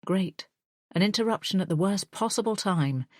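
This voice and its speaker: A woman narrating a thriller audiobook in a tense, measured first-person storytelling style on a close studio mic. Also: medium pitch, animated, a little mellow, no echo.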